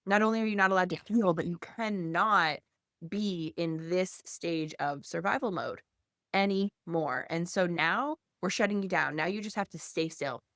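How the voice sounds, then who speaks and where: Podcast host lady, calm and thoughtful, kinda low voice, dry close recording. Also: normal speed, no echo. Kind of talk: podcast interview.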